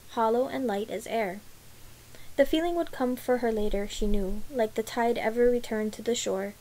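A woman reading a novel aloud in measured, quiet narration. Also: fairly high pitch, low-quality recording. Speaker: audiobook reader.

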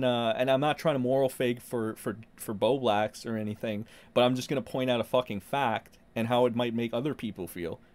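A man doing casual stream commentary, rambling and full of swearing. His voice sits at an ordinary pitch for a man, and the recording is close and dry with no room sound. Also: no room sound. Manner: rambling, profane, animated. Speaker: streamer host.

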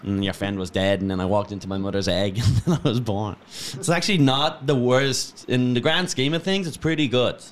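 A man's voice: medium pitch, fairly quick, hardly any pauses. A man on a comedy podcast as the guest, joking and riffing casually.

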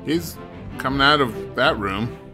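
A man's voice: mid-range voice, expressive, a little slow, bright, forceful tone, faint music behind. A man streaming a mystery game, thinking aloud and muttering as he puzzles things out. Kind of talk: casual let's-play commentary.

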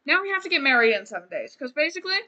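A woman's voice: high-pitched, big pitch swings, rapid-fire, bright, forceful tone. A woman streamer giving casual gameplay commentary, rambling and joking as she talks to the game characters.

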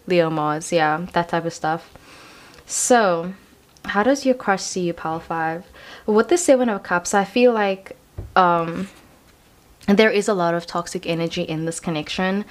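Young female tarot reader, slightly low pitch, casual, reassuring, rambling delivery. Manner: chatty, reassuring, lots of "you know" and "um". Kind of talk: casual pick-a-card tarot reading.

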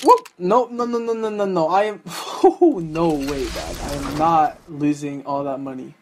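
A young man hosting a gaming channel, giving excitable, profane live commentary while opening game cases, swinging between hype and groaning despair. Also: sits high, slight background noise.

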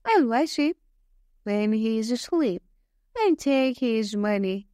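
A woman's voice: fairly high pitch, lively intonation, takes it slowly, warm tone, no room sound. A woman reading the lines of a greedy, jealous old man in a storybook, in close to her own voice. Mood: scheming.

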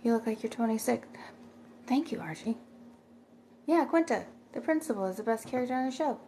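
A woman's voice: on the high side, expressive, brisk, warm tone, a little hiss or hum. A middle-aged woman chatting casually on a livestream, rambling and thanking viewers by name as she reads their comments.

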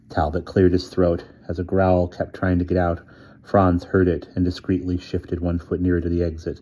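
A man reading a storybook aloud in a measured, plain way. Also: sits low, completely flat delivery, dark tone, highs cut off. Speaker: audiobook reader.

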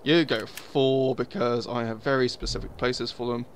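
A man's voice: mid-range voice, steady tone, normal speed. Young guy, gameplay commentary, sweary mutters, noisy background hiss. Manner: muttering, sweary, jumpy asides to himself. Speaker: gaming video host.

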